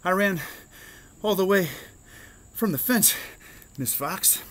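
A man doing a high croaky squirrel boy. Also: very animated, rapid-fire. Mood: winded. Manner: croaking, gasping after running. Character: breathless young boy squirrel student.

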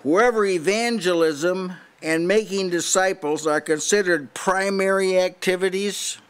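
An older man preaches in a house church meeting, pressing his points hard and challenging his listeners. His voice sits a little high for a man, and he often breaks off and restarts his sentences as he drives home each point. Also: measured pace, smooth. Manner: emphatic, challenging, with frequent restarts. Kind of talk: sermon.

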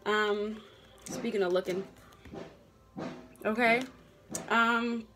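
Woman reading tarot at her desk, chatty, lots of okays, middle pitch. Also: steady tone, noisy background. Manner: chatty, drawn-out words, frequent okays. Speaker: tarot reader. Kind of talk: casual tarot reading to camera. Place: home workstation. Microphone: desk camera at a workstation.

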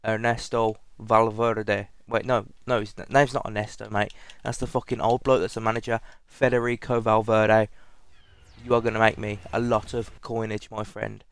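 Young British man, gaming commentary, excitable and sweary, smooth clear voice, dry sound. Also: lowish voice, moderate pace, dry recording. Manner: excitable, swears a lot, repeats himself. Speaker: gaming YouTuber. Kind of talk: excited pack-opening commentary.

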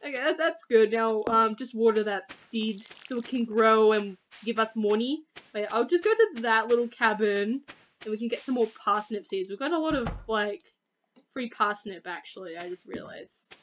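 A woman's voice: a little high, expressive, normal speed, dull audio, a little hiss or hum. A young Australian woman hosting a casual gaming session, chatty and playful as she guides her friend through the game. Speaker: gaming channel host. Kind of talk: casual gameplay chat.

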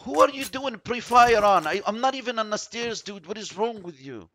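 A man giving chatty, excitable commentary while playing a shooter game, yelping when surprised. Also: high-pitched, normal speed, a little hiss or hum. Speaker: mobile game streamer.

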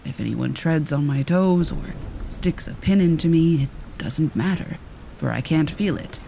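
Husky, gentle straw scarecrow, read by a man; slow and earnest storybook figure. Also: a little high, expressive, a little hiss or hum, low-quality recording. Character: friendly, humble male straw scarecrow.

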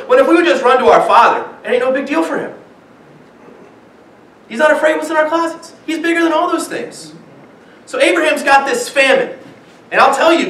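A pastor with young kids, young adult or middle-aged, gives a lively sermon in a church sanctuary, taking on the voices of people in his stories. He has a very high voice with a fairly bright tone, recorded from far off in an echoey room.

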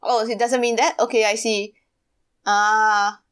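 A woman's voice: on the high side, little pitch movement, a little slow, fairly bright tone, clear, resonant tone. A woman casually commentating a game she plays, giggling often and musing aloud as she reacts. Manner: puzzled, musing asides. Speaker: let's play commentator.

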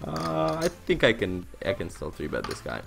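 A man's voice: lowish voice, normal speed, gravelly, music in the background. A young man in his twenties streaming poker, telling a story casually with lots of fillers and swearing. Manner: excitable storyteller, laughing. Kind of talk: casual live-stream chat while playing poker.

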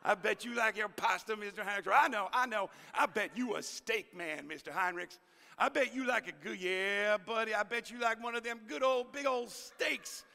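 A man putting on a nasal Southern schoolboy, high and wheedling, who fires off teasing questions at his teacher. His pushy, bright voice rings out with a long reverb from the hall. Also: moderate pace, gravelly, exaggerated voice. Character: nasal seventh-grade boy with thick Southern drawl.

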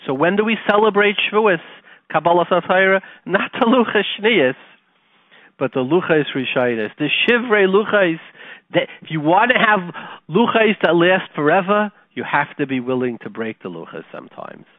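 A man hosting a radio talk show, telling a story and teaching Torah, animated and conversational, dropping to quiet retellings. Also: high-pitched, normal speed, dry recording. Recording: tinny phone-like line, dry.

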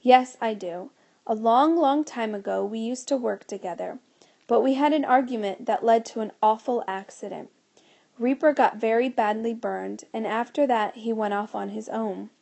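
A stern grown-up scientist explains things in a patient lecturing way, as a woman reads him aloud. The voice is mellow and dark with a gravelly edge, fairly high for a man. It is a storybook reading. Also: normal speed.

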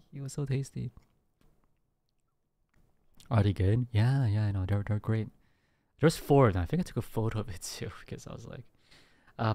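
A man's voice: fairly low pitch, no echo. A man streaming casually to his viewers with a sore throat, rambling with many restarts. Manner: rambling, restarts, soft laughs.

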